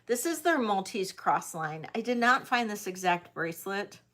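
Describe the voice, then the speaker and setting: A woman hosting a live online sale, chatting casually as she auctions vintage jewelry, with frequent ums and pauses. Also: mid-range voice, lively intonation, fairly bright tone. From United States.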